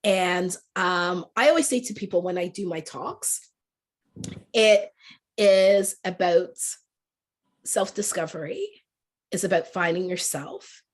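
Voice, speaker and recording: A woman with a mixed English, Canadian and Jamaican accent, giving an animated motivational talk on a video call. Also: fairly low pitch, takes it slowly, long pauses. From born in England, raised in Canada. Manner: warm, laughing, animated, quotes people in lively voices. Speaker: guest speaker, life coach.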